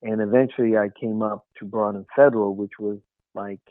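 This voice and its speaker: A man's voice: on the low side, fairly even intonation, brisk, dry recording. A man, an author and guest, earnestly telling an emotional life story in an interview. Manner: earnest, emotional, soft dips in quiet moments. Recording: tinny phone-like line.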